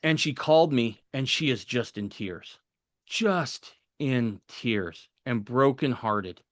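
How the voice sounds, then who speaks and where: A man's voice: mid-range voice, lively intonation, takes it slowly, a bit bright, no echo. A man guest on a podcast telling a personal story, animatedly acting out the voices of people he quotes and chuckling at the funny parts.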